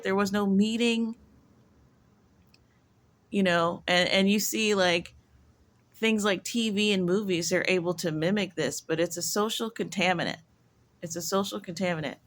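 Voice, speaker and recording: A vlogger from the United States, with a medium-pitched and fairly bright voice, rambles casually to camera. She thinks out loud, her sentences heavy with "like."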